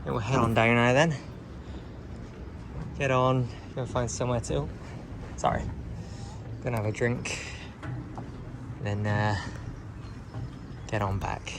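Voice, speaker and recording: Walking a hill outdoors near traffic, this vlogger chats casually to his camera and mutters to himself. His medium-pitched, creaky voice stays fairly even and unhurried, with long pauses against a noisy background.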